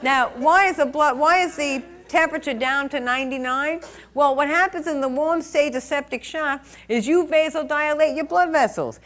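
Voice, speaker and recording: A woman's voice: sits high, normal speed. Chatty older woman nursing instructor. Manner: animated storyteller, chatty and emphatic. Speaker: critical care nursing instructor. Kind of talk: lecture with anecdotes.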